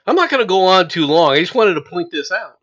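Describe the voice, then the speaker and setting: A political commentator delivers an emphatic rant, mocking opponents with scorn. The voice has a bright, cutting edge and a medium pitch. The speaker drives each point home by repeating it again and again. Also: very animated, fast talker, dull audio. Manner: sarcastic and mocking, with scornful laughs.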